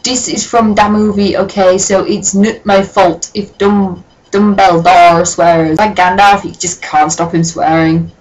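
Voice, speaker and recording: A woman doing a comedic dramatic reading of a story, breaking off with sarcastic, sweary, deadpan asides. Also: mid-range voice, unhurried, few pauses, soft background music, low-quality recording. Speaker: reader and commentator.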